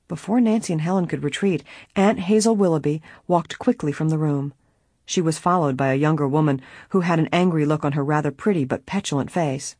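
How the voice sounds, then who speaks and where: Measured woman audiobook narrator, dry sound. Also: sits low, animated, mellow, no room sound. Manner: measured, clear storytelling.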